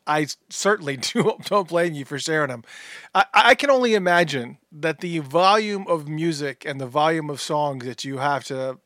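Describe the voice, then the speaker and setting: A man's voice: a little high, a bit bright, no room sound, studio quality. A man interviewing a guest, friendly, with rambling questions. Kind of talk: conversational interview.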